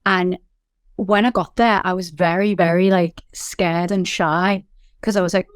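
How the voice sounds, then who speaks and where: Energetic Liverpudlian businesswoman, smooth dry voice. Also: lowish voice, dry recording. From England. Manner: animated, quick storytelling with frequent fillers. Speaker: company founder, guest. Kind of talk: candid interview talk.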